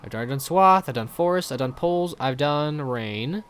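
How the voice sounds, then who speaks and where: A man playing a story game, reading the text aloud and thinking out loud in casual commentary. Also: fairly high pitch, expressive, normal speed, clear, resonant tone. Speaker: let's player.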